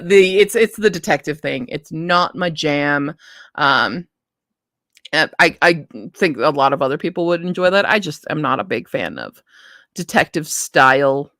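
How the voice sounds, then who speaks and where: In a low, somewhat bright voice with no echo and studio-quality sound, a woman reads book blurbs on a live stream. She chats casually, thinking out loud and frequently breaking off to restart.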